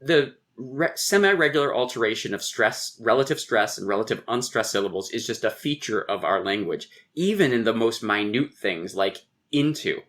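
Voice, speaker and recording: A man's voice: medium pitch, animated, normal speed, few pauses, a bit bright. A man, a poet and guest on a podcast, explaining verse meter in conversation, tapping out rhythms aloud and reciting lines of poetry.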